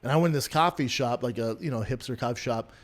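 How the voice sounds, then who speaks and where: A man's voice: mid-range voice, quick pace. A man as a podcast guest, brash and swearing, acting out the people in his stories. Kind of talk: casual podcast chat.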